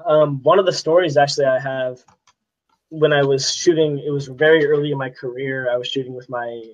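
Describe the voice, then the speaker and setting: A man's voice: mid-range voice, steady tone, a little fast. A teenage boy being interviewed, telling stories in a youthful way and laughing often. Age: teens. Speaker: guest photographer. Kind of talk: casual interview chat. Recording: dull, lo-fi sound.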